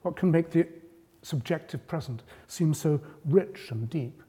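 Guy giving a lecture, mellow low-key voice, big hall echo, steady explaining tone. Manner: measured, explanatory, rising emphasis on key points. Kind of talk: public lecture. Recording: long reverb of a lecture hall.

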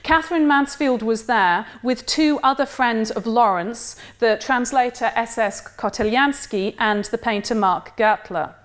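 A woman giving a literature lecture in a measured, wry way, reading quoted passages aloud. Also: a little high.

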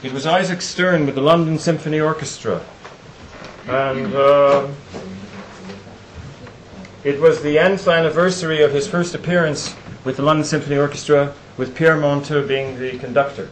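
An older man giving reflective closing remarks at a conference, and slowing down to stress lines of poetry. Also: on the high side, fairly even intonation, slight background noise. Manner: reflective, recites poetry with slow emphasis. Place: lecture room. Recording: roomy hall echo.

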